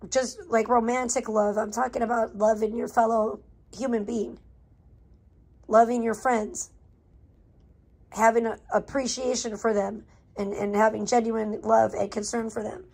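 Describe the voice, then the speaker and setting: A woman's voice: fairly high pitch, level tone, a little slow, vocal fry, pauses often, a little mellow. A middle-aged woman live streamer in casual chat, talking candidly and emotionally to her viewers and swearing freely.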